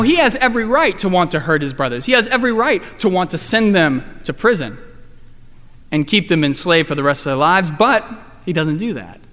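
A man pastor giving a sermon, swinging between emphatic lines and hushed, slow emphasis. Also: high voice. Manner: dynamic preaching, rising and dropping to quiet emphasis. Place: church. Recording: long reverb of a large room.

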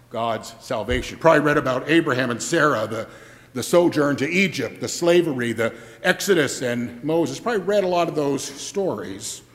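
Chatty preacher man in a reverberant hall. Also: a little high. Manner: conversational, keeps asking the congregation "right?", joking asides. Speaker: pastor. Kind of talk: sermon.

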